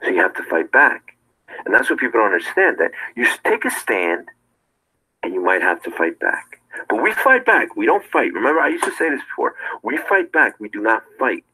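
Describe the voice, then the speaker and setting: Man, low bright voice, preachy monologue, played clip. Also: big pitch swings, fairly quick, low-quality recording. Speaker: video personality being watched.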